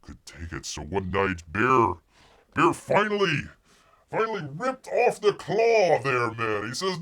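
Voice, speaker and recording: A man's voice: medium pitch, huge pitch swings, measured pace, a bit bright. A man hosting a casual livestream, telling a rambling story with many fillers and restarts. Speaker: livestream host.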